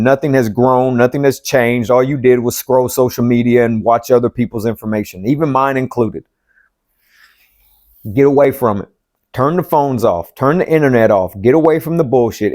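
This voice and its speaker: A man's voice: medium pitch, a little mellow. A man, a life coach, gives a motivational self-help talk, blunt and profane and driving each point home by repeating it.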